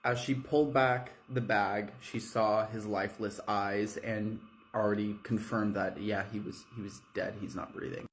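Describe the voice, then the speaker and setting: A man's voice: lowish voice, little pitch movement, moderate pace, few pauses, a little hiss or hum. A man narrating a horror story in a casual, swearing storytime manner, speaking from a hotel room. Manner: casual, swearing, fillers like 'you know'.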